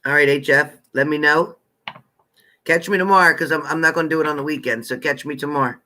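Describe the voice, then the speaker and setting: Bright-voiced chatty man hosting a live stream. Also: a little high, steady tone, quick pace. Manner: chatty, greets viewers by name in warm familiar terms. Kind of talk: casual live-stream chat with viewers.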